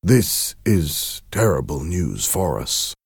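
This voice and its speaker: A man voicing a worried older father in a storybook reading, gentle and hesitant in how he speaks. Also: deep voice, very animated, takes it slowly, gravelly, husky, dry recording, studio quality, heavily acted. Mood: stunned.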